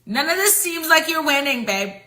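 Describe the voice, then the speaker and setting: Woman commentator, sassy and rhetorical, bright tone, roomy sound. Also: high-pitched, lively intonation, moderate pace. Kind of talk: casual commentary to viewers.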